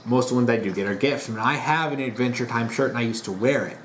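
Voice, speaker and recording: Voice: medium pitch, fast talker. Rambling, exasperated young vlogger with faint noise. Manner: rambling, frequent restarts and fillers; exasperated, disappointed. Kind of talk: casual opinion monologue.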